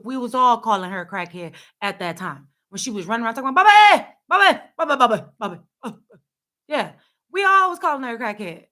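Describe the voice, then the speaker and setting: A woman's voice: a little high, sharp tone. A young adult woman hosting casual commentary, blunt and sassy, talking back at the clips she plays. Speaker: host.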